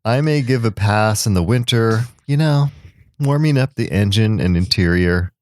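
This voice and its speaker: Wry podcast cohost, low-ish voice, super dry close sound. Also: expressive, moderate pace, a little mellow, dry recording. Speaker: podcast co-host. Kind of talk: casual chat.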